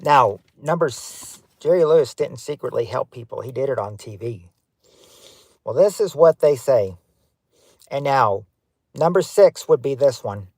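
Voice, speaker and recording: A man hosting a casual livestream game night, stopping and restarting as he hunts for clues to give his players. His voice sits at an ordinary middle pitch. The sound is dry and close, with no room echo. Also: a little mellow. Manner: halting, hunts for words with many fillers; gives clues to players, talks to chat.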